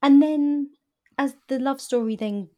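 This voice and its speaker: A woman's voice: sits high, unhurried, dark tone. A woman co-hosting a podcast, talking about a novel in an agreeable, hesitant way. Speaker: podcast co-host. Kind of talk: casual book chat.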